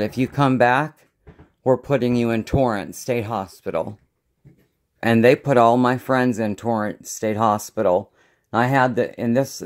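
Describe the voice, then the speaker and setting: A man vlogging to camera in a slow, unhurried way, wandering from one thought to the next. He is a psychic medium chatting casually, often trailing off and starting over. His voice sits at an ordinary middle pitch. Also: a little mellow. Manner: meandering, loses his train of thought. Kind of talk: rambling casual vlog.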